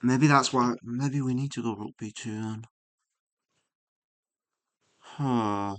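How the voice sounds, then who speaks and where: A man thinking aloud as he works through chess puzzles, musing and muttering with frequent hums and pauses, mildly exasperated at himself. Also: medium pitch, a bit bright. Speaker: chess streamer.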